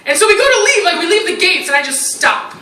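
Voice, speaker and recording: Woman stand-up comic, high and bouncy, self-mocking banter; recorded from a distance in an echoey club. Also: sing-song, fast talker. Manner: chatty, self-mocking, punctuated with "like" and "you know". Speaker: stand-up comedian. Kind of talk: stand-up comedy set. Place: comedy club stage. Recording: roomy live recording from a distance with loud crowd noise.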